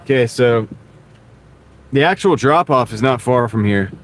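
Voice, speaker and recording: A man's voice: mid-range voice, animated, unhurried. A man chatting casually with viewers while he drives for a delivery app, joking between orders, on a clip-on mic inside a car. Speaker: delivery driver streaming live. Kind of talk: casual live-stream chat while driving. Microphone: wireless clip-on mic.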